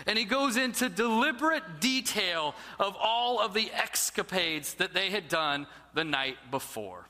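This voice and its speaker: A man's voice: high voice, bright, forceful tone, big-room sound. A man who is a pastor preaching a sermon, telling a story with dramatic drops to a near-whisper.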